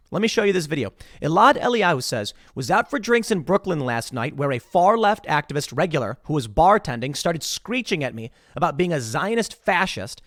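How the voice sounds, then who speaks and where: A man's voice: on the high side, no echo, studio quality. A man hosting casual political commentary, retelling stories and acting out the people he quotes. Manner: animated, acts out quoted people in shifting voices. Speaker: commentary host.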